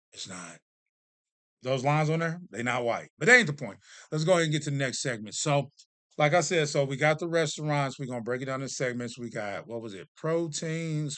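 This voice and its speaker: A man in his thirties or forties chatting to camera as a vlog host, telling stories in an animated, joking, self-deprecating way. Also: mid-range voice, no room sound. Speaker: vlogger host. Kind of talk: casual chat to camera.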